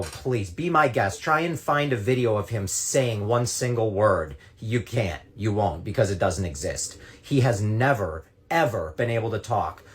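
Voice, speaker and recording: A man delivering a combative monologue to his followers, heavy on sarcasm and indignation. His pitch sits in an ordinary middle range for a man. He speaks straight to the camera like a social media creator venting. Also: slightly rough. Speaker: content creator. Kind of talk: ranting direct-to-camera monologue.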